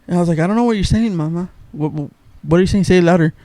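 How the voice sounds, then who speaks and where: A man's voice: high voice, rapid-fire, mellow, no room sound. A man co-hosting a podcast, telling funny stories in a slangy, casual way and laughing a lot. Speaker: podcast co-host. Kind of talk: casual chat.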